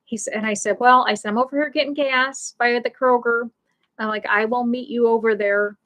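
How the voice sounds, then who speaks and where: A woman's voice: fairly high pitch, fairly even intonation, a little fast, fairly bright tone. A middle-aged woman hosting a casual pet loss support livestream from home, rambling, often restarting her sentences and laughing.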